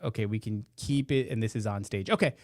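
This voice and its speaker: A man's voice: fairly low pitch, brisk, a little mellow, no echo. A man hosting a casual live podcast, ranting with profane, sarcastic jokes into a close mic while wearing headphones. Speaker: podcast host. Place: indoor room beside a meeting room. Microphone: headphones and close studio mic.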